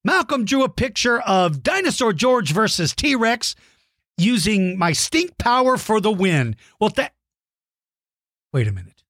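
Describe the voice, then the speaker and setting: Animated, high-pitched encouraging man. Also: a little slow, dry recording, clean studio sound. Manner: warm, encouraging, playful with kids. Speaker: podcast host reading listener mail. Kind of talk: enthusiastic shout-outs to kids.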